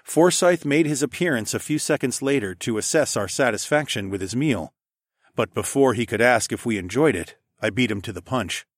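A man narrating a first-person audiobook in a steady, even storytelling manner. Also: medium pitch, normal speed, dry recording, studio quality.

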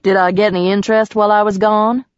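A woman's voice: mid-range voice, little pitch movement, fast talker, smooth, no room sound, muffled recording, pitched above the performer's own voice, lightly acted. A woman reading aloud, voicing a bold, teasing young woman who works as a fortune teller. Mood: wisecracking. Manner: bold and wisecracking.

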